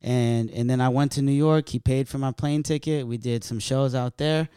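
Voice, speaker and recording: Smooth-voiced man telling loose stories. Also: medium pitch, normal speed, no echo, studio quality. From California. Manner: loose, profane, animated storytelling. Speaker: stand-up comedian. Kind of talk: casual storytelling chat.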